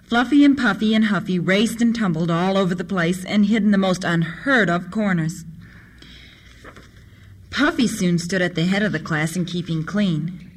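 Steady children's storyteller. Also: mid-range voice, normal speed. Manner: steady, expressive reading. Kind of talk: reading children's stories aloud.

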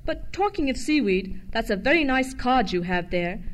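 A woman voicing a hearty, brusque ice cream seller calling out loudly. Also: a little high, sing-song, moderate pace. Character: gruff cheery ice cream man, adult male.

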